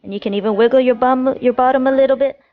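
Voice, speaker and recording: Gentle woman guiding kids through yoga. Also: sits high, steady tone, quick pace, phone-quality sound. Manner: gentle, encouraging, sing-song instructions to children. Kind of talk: guiding a children's yoga class.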